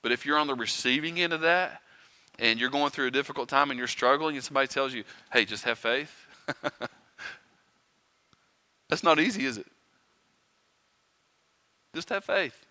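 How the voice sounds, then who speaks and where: Bright-voiced man preaching. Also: medium pitch, fairly quick, long pauses. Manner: conversational preaching, rhetorical questions, dramatic quiet and loud swings. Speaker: pastor. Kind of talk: sermon. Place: church sanctuary.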